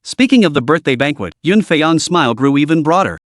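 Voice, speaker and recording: A man narrating a story recap in a steady, even scripted delivery. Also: on the high side, brisk, no echo, clean studio sound.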